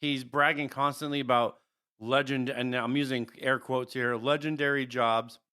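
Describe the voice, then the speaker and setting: A man co-hosting a podcast, describing characters in a relaxed, rambling way with frequent chuckles. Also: mid-range voice, moderate pace, smooth. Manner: rambling, chuckles often, restarts. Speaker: podcast co-host. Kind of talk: casual chat describing characters.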